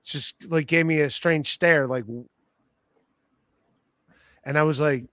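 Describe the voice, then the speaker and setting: A man's voice: on the high side, takes it slowly, a bit bright, dry recording, studio quality. A man hosting a podcast, telling a long story in casual chat with lots of fillers and restarts. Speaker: podcast host.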